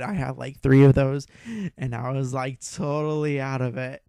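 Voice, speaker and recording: A young man hosting a podcast, telling a rambling, excitable story with a lot of swearing and laughter. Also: medium pitch, normal speed, gravelly, smooth, no room sound. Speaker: podcast host. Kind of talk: casual storytelling.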